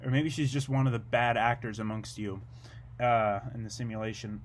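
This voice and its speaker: Speaking at a normal pace, a young man drifts through tangent after tangent in a deadpan, low-key comedic monologue that is absurd and rambling.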